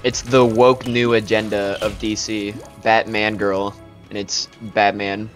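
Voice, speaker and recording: A man's voice: lowish voice, little pitch movement, a little slow, soft background music. A young man co-hosting a casual video game playthrough, joking, laughing often and coughing now and then. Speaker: co-host playing a video game. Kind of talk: casual gaming chat.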